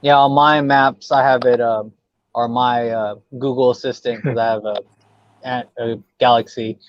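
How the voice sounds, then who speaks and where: A man co-hosting a podcast in relaxed casual chat, laughing often. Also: mid-range voice, normal speed, no room sound, dull audio. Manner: laid-back, laughs often. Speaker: podcast co-host.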